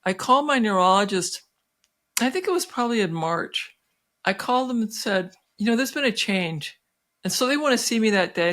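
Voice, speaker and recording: A woman in her sixties, a physician guest, telling a personal story in an interview with many restarts and fillers, animating her tale. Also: mid-range voice. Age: 60s. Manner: animated, acting out quoted voices.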